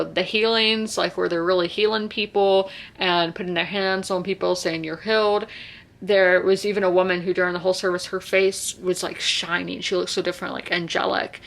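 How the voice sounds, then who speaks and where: A woman's voice: lowish voice, creaky, a bit bright. A woman, chatting casually about a book she read and reading passages aloud. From South Carolina. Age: 20s. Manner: chatty, filler-heavy, reads passages aloud. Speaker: book reviewer. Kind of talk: casual book review vlog.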